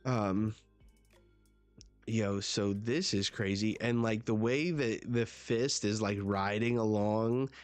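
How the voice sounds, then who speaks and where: A man reacting live to a new comic chapter, casual, excitable and swearing. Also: lowish voice, no room sound. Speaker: manga reaction streamer.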